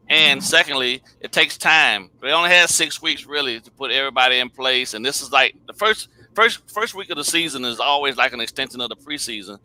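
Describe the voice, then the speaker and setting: A man on a fan show panel giving a measured breakdown of the game, with casual fillers. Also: mid-range voice, sharp tone, rough recording. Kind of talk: post-game analysis chat.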